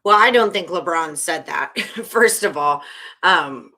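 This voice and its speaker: A woman's voice: on the low side, animated, takes it slowly, sharp tone. A woman co-hosting a live podcast over a video call, frank and blunt, often laughing. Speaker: podcast co-host. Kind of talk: casual live podcast chat.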